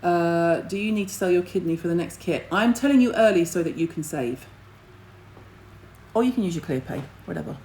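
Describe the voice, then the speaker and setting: A woman's voice: on the low side, brisk, darkish tone, a little hiss or hum, poor audio. A middle-aged woman, hosting a casual skincare livestream and chatting to viewers in a blunt, rambling way, with the odd casual swear.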